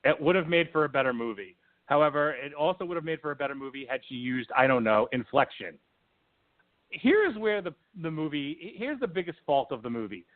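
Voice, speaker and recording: Guy ranting about a movie, fairly high voice, keeps restarting, sounds like a phone line. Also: a little fast. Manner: animated, rambling, frequent restarts. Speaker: podcast co-host, film reviewer. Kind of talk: casual movie-review chat.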